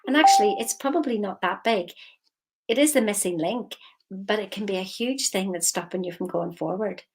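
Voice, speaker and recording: A woman mindset coach giving a lively, emphatic motivational talk straight to her viewers. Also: medium pitch, normal speed, breathy edge. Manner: lively, emphatic, slips into quoted voices.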